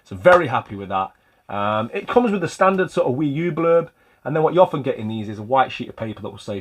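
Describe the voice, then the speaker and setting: A man's voice: mid-range voice, lively intonation, fast. A man hosting a casual vlog about retro game pickups, chatty and rambling with a light self-mocking humor. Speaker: retro game collector and channel host.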